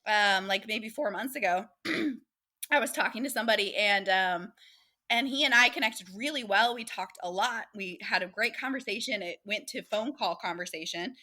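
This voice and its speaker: A woman's voice: mid-range voice, normal speed, sharp tone. A woman, animatedly telling dating stories as a guest in a casual interview and acting out the voices of the people she quotes.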